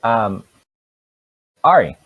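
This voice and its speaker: A man's voice: on the low side, big pitch swings, very slow, husky, dry recording. A man narrating a tabletop game as game master, in a loose way with fillers. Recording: tinny phone-like audio.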